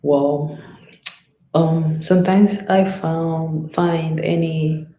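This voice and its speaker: Spanish accent lady boxer on a stream, swears a lot, kinda flat, echoey room. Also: low-pitched, very slow. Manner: loose, chatty, swears freely. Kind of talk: casual live-stream chat answering comments.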